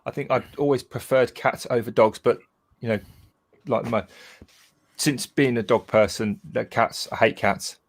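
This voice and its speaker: A man's voice: medium pitch, normal speed. A man co-hosting a casual podcast over a remote call, talking in a wry, teasing way. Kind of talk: casual chat. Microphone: remote call mic.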